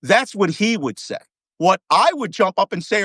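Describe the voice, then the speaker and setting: A man's voice: sits high, big pitch swings, moderate pace, bright, forceful tone, breathy edge, no room sound. Brief: ex-navy man, guest commentator, emphatic and foul-mouthed, dry sound. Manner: profane, ranting, emphatic. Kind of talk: heated talk-show commentary.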